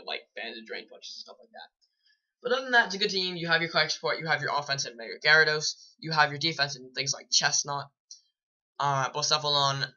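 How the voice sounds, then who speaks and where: Casual male commentator, slightly high, very bright tone, rambling and self-correcting, dull lo-fi home mic. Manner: rambling, self-correcting, chuckling at own slips. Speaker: Pokemon draft league co-host.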